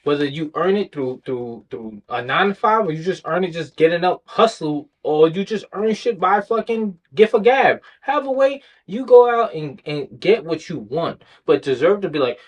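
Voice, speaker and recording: Blunt, husky-voiced man on a podcast. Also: a little high, normal speed, hardly any pauses, low-quality recording. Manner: blunt, animated, profane. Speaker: podcast co-host. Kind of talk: casual chat.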